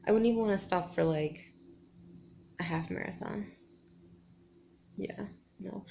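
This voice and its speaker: A woman's voice: mid-range voice, measured pace, vocal fry, long pauses, warm tone, a little hiss or hum. A woman in her twenties chatting casually in a vlog after a race, tired and rambling with lots of "like" and restarts. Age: 20s. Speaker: vlogger.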